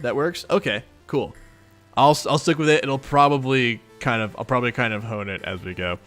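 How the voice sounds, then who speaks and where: A man's voice: mid-range voice, moderate pace, a bit bright, soft background music. A man reading a webcomic aloud in a casual read-along, chatting and reacting to it and laughing often. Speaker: webcomic reader.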